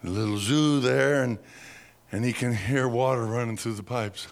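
A man preaching by telling a dramatic story, slow and vivid, acting out sounds and voices. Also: medium pitch. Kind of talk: storytelling sermon.

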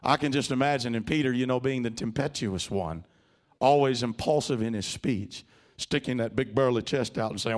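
A male preacher with a medium-pitched voice and moderate pace delivers a dramatic, storytelling sermon. Animated and theatrical, he calls on the congregation to repeat phrases back to him.

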